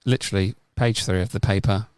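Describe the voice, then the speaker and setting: A man co-hosting a podcast, deadpan and blunt, joking at his own expense with plenty of swearing. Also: fairly low pitch, brisk, smooth, dry recording. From United Kingdom. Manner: deadpan, blunt, self-mocking. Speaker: podcast co-host, agony-aunt segment. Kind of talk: casual sweary banter.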